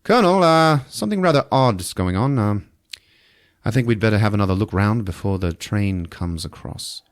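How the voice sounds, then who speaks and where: A man's voice: lowish voice, animated, moderate pace, dry recording, studio quality, lightly acted. A man putting on the voice of a prim, fussy middle-aged British army colonel with polite, clipped speech.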